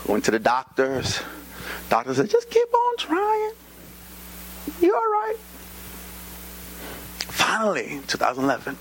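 Animated pastor with a gravelly voice. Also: male voice, slight background noise, poor audio. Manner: animated storytelling, acting out quoted voices with sudden high pitch jumps and whispers. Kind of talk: sermon with personal story. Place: church.

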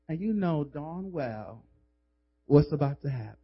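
A male pastor preaching with fervor, his voice pitched high and husky. He swings between shouting and hushed asides. The sound is dull and lo-fi. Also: expressive, a little slow. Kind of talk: sermon. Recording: dull lo-fi recording.

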